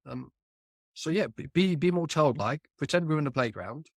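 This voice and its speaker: Male author in casual conversation. Animated and emphatic, with a fairly high voice and a dry, close sound. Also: normal speed, gravelly, no room sound. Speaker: author and guest.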